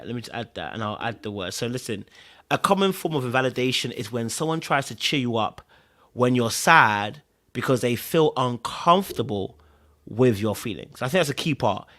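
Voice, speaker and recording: A podcast host with a mid-range, slightly bright voice speaks at normal speed and is very animated. He offers casual relationship advice to live viewers, repeating key words for emphasis and checking in with his audience.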